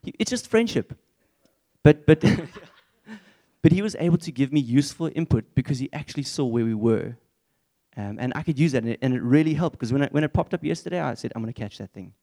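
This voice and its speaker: Young male preacher, relaxed warm timbre, earnest and chatty. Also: a little high, a little fast, creaky. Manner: earnest, conversational, candid. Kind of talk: church sermon.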